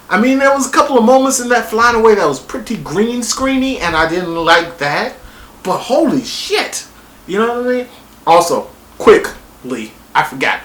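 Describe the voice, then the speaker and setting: Excitable, rambling male reviewer with a lively, up-and-down delivery, recorded in an echoey room. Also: sits high, normal speed. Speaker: TV show reviewer. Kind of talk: casual spoken review.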